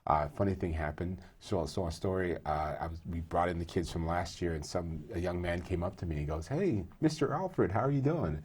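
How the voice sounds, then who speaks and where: A man's voice: low voice, level tone, a little fast, hardly any pauses, a little mellow, slightly rough. A man answering interview questions in an earnest, conversational way, telling stories with plenty of fillers and restarts. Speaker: guest, employee group co-leader.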